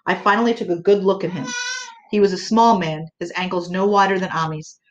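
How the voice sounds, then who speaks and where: A woman narrating an audiobook in a measured, earnest way. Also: on the low side, steady tone, dull audio, a little hiss or hum.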